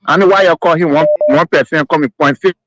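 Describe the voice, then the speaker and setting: A man's voice: fairly high pitch, fast talker, very noisy. A man calling into a radio show, blunt and scornful. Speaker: caller. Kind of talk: call-in political complaint.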